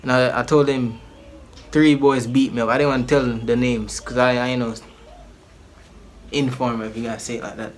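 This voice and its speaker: A man at a middle pitch tells a personal story to his channel. He rambles in loose slang and restarts often. It is relaxed storytime vlog talk. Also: moderate pace, long pauses, slight background noise. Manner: animated, acts out the people in his story.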